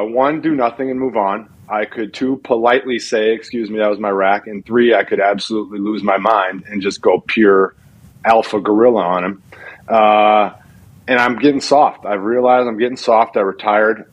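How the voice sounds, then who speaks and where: A man who is a retired football player, a guest on a talk show, telling stories in an animated, self-mocking way. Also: on the low side, highs cut off. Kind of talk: casual chat on a talk show.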